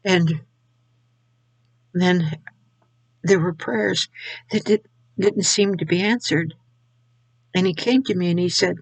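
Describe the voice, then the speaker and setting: An older woman sharing a personal faith testimony in a halting way, often repeating her words as she talks. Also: lowish voice, no room sound, poor audio. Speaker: Christian video speaker.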